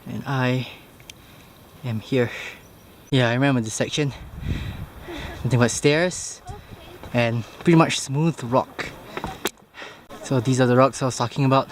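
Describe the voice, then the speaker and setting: A man's voice: medium pitch, a little hiss or hum. Breathless man narrating a mountain hike. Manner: breathless, matter-of-fact commentary while climbing. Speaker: vlogger. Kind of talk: hiking vlog narration. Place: outdoors on a mountain trail.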